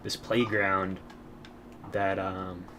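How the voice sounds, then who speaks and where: A man's voice: deep voice, little pitch movement, extremely slow, very noisy. A young man giving casual gameplay commentary, telling rambling stories in a crude, profane way and often laughing.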